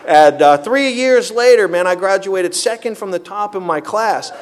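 Man in his own voice telling his recovery testimony with earnest, animated delivery. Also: high voice, moderate pace, slight background noise. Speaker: speaker at a recovery meeting.

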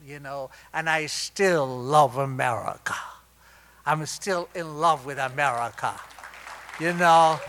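An older man with an Argentine Spanish accent shares his life story at a recovery meeting. His voice sits high and bright. He confides with animated, wry humor. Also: unhurried, some chatter behind. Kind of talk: personal storytelling talk.

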